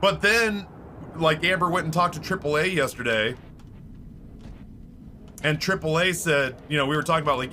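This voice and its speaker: A man's voice: a little high, normal speed, pauses often, pushed and bright. A man chatting while he streams a game, rambling and swearing, with filler words throughout. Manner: rambling, profane, heavy use of filler words. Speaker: Twitch streamer. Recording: clear background noise.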